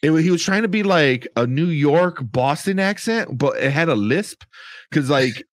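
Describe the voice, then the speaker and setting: A man's voice: on the high side, animated, normal speed, dry recording, clean studio sound. A man co-hosting a podcast review, rambling in casual chat with lots of fillers, swearing and laughter. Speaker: podcast co-host reviewing a movie.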